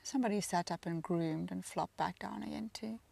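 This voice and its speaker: A woman's voice: on the low side, brisk, vocal fry, warm tone. A woman presenting a live safari broadcast, chatting easily and reading out viewer comments with a laugh.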